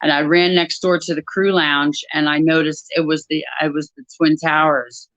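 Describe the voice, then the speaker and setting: A woman giving a personal testimony about her work at an airline crew desk, talking in a halting way with many pauses and restarts. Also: low-pitched, little pitch movement, a bit bright, dry recording, highs cut off.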